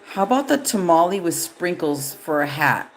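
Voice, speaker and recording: Deep-voiced woman, loose and profane. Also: sing-song, normal speed, faint music behind. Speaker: tarot reader. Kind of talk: live tarot card reading. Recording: echoey room.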